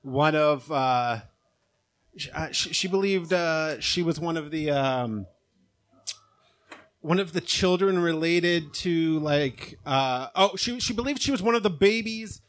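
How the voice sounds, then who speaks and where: A man chatting casually on a podcast, telling stories in a halting, rambling way with many fillers. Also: a little high, expressive, fairly bright tone. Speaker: guest.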